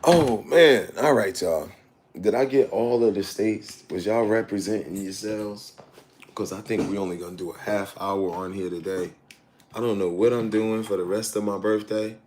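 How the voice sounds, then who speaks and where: A man in his sixties chats casually on a live stream outdoors in hot Thai weather, reading viewer comments aloud and laughing often. His voice is lowish and a little mellow, at a moderate pace, with slight background noise.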